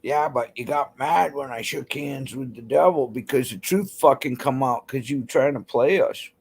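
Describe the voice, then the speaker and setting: Gravelly, profane woman ranting on a stream. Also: very deep voice, normal speed, a little mellow. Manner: profane, blunt, heated. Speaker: livestream host. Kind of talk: angry livestream rant to chat.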